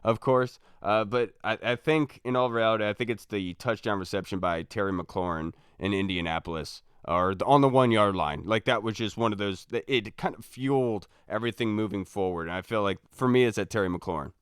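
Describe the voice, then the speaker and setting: A man hosts a casual sports podcast with a smooth, clear voice. The sound is dry and close, with no room around it. He keeps the chat upbeat and throws in "dude" often. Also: lowish voice, fairly quick, few pauses, no echo. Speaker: podcast host.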